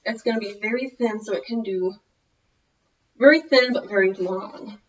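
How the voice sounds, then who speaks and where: In lo-fi audio, an American vlogger with a Minnesotan accent speaks at a medium pitch and normal speed. She chats loosely through a clothing tutorial, wandering off her point and correcting herself along the way.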